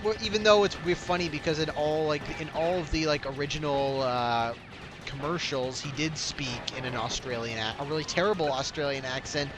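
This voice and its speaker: A man playing a game on stream, talking excitedly and stumbling over his words. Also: a little high, fairly quick, background noise. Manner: stammering, excitable. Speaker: player on a gaming stream. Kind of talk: casual gaming commentary.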